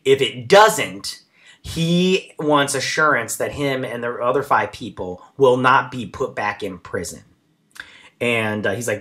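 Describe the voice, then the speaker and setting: A man's voice: medium pitch, pushed and bright. A man hosting a casual episode recap and review, chatty and rambling with lots of fillers. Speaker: show recap host.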